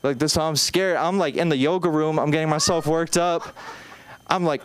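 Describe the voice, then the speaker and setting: A man's voice: on the high side, steady tone, normal speed, clean tone. A young man in his twenties doing an open-mic stand-up set on a small club stage, talking in an anxious, self-deprecating, rambling way with lots of restarts. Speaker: stand-up comedian.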